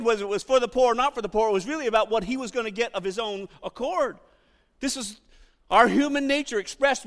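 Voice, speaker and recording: A middle-aged man preaching a sermon, animated, acting out quotes and shouting for emphasis. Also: very high-pitched, in a large hall. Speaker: pastor.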